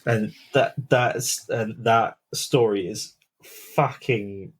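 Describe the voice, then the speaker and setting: Low husky man telling a ghost story. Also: fairly even intonation, rough recording. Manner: dramatic pauses, hushed build-ups. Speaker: podcast co-host. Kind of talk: casual storytelling.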